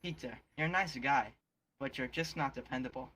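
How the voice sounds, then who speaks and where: A man voicing a stern middle-aged pizza shop boss, exasperated and scolding. He pushes a little higher than his own voice, with a bright, cutting tone. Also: a little fast, rough recording.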